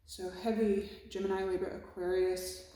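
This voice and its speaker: A woman's voice: mid-range voice, flat delivery, normal speed, noisy background. A woman giving a casual, emotional tarot reading, swearing freely and speaking in a reflective way. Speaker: tarot reader. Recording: very echoey room.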